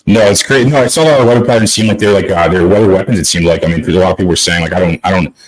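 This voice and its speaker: A man hosting a casual podcast, talking in rushed bursts full of fillers. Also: deep voice, rough recording. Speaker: podcast host.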